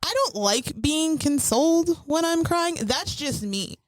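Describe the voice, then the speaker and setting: A woman's voice: sits high, lively intonation, unhurried, dry recording. A young adult woman co-hosting a casual podcast, talking candidly and reflectively with some hesitant fillers. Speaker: podcast co-host. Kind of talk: casual family podcast chat.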